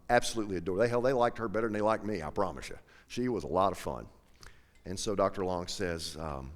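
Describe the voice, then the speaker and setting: A man's voice: low-pitched, big-room sound. A middle-aged man telling an emotional personal story to an audience, acting out the dialogue as he goes. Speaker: professional angler.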